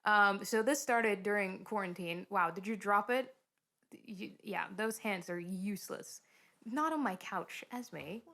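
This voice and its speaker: A woman's voice: medium pitch, unhurried, a bit bright. A young woman co-hosting a podcast from a couch at home, chatting casually and telling stories with frequent giggles. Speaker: podcast co-host. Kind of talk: casual chat. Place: living room couch.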